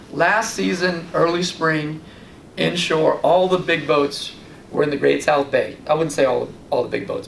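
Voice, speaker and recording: A man hosting a fishing show, giving casual tips and telling lively stories in which he acts out his own reactions. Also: a little high, gravelly. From Long Island, New York. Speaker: fishing guide and show host. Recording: roomy, distant mic with light background noise.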